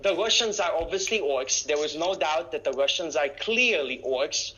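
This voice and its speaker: A man's voice: a little high, lively intonation, moderate pace, pushed and bright, a little hiss or hum. A man in casual podcast chat, rambling with lots of "like" and swearing freely. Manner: rambling, full of "like" and "you know what I mean". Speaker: podcast guest. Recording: slightly dull lo-fi recording.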